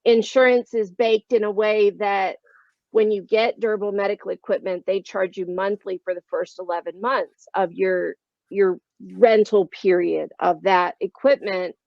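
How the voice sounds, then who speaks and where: A woman's voice: medium pitch, fairly even intonation, normal speed, gravelly, no echo, lo-fi sound. A woman speaking frankly as a panelist in a discussion.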